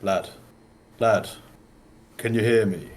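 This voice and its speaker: A pious cleric speaks in a slow, solemn, coaxing tone, as a man plays him at the table. His voice sits low, with faint ambient hiss behind it. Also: fairly even intonation, darkish tone, natural voice.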